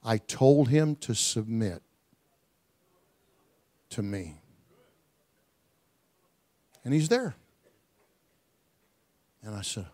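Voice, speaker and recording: A man preaching a sermon, telling a story in a folksy way, stumbling over repeated words and building to loud shouts. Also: mid-range voice, expressive, slow pace, long pauses.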